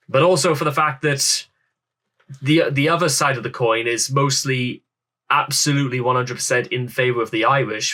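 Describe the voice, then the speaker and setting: A man hosts a casual reaction video, reading from an article before drifting into loose, rambling commentary. His voice is bright and forceful and sits at an ordinary middle pitch. He keeps addressing his viewers as ladies and gentlemen.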